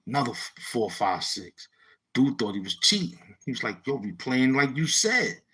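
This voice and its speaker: A man's voice: mid-range voice, big pitch swings, normal speed, pushed and bright, slightly rough. A man from Brooklyn with a New York accent casually telling a street story in slang, acting out what his friends said. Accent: New York City. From Brownsville, Brooklyn, New York. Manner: laid-back street slang, acts out quoted friends.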